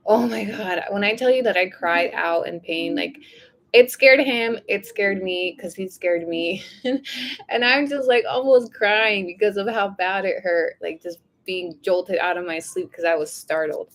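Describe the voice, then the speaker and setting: A woman records a casual diary vlog, sounding tired and low on energy as she rambles unhurriedly with lots of fillers. She confides her feelings openly and emotionally.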